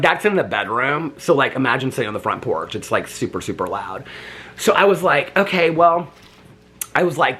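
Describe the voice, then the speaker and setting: A man's voice: medium pitch, pushed and bright, husky. A man vlogging from his bedroom at home, chatting in a rambling way and talking sweetly to his dogs. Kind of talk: casual chat.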